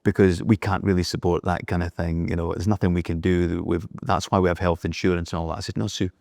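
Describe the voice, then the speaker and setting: A man's voice: deep voice, flat delivery, fast talker, gravelly, a little mellow, no echo, clean studio sound. A middle-aged man, a business leader telling anecdotes as an interview guest, acting out the dialogue as he goes. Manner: anecdotal, acts out dialogue in the retelling. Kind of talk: storytelling in casual conversation.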